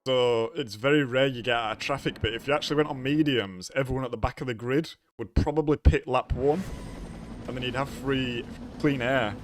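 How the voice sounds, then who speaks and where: A very tired man giving casual commentary while he livestreams a racing game, low-key, trailing off and groaning between remarks. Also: brisk, a little hiss or hum. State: very tired, yawning. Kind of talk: casual live-stream commentary.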